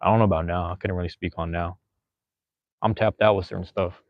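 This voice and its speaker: A man's voice: low-pitched, fairly even intonation, fairly quick, no echo, lo-fi sound. A man, hosting a podcast in a loose, rambling chat full of slang and fillers. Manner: laid-back, slangy, rambling with frequent fillers. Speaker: podcast host. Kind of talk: casual chat reading live chat.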